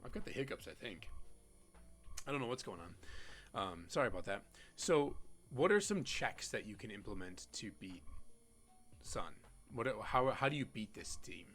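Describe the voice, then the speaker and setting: Low-voiced man talking game strategy. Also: big pitch swings, fairly bright tone. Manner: halting, with many "um"s and restarts. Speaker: competitive Pokemon player and content creator. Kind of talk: casual strategy commentary.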